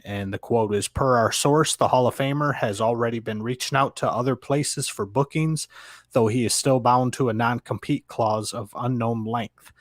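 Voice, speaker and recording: Male podcast co-host, mid-pitched, steady news delivery, dry sound. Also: moderate pace, dry recording. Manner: steady, matter-of-fact news reader. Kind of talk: casual chat, reading news items.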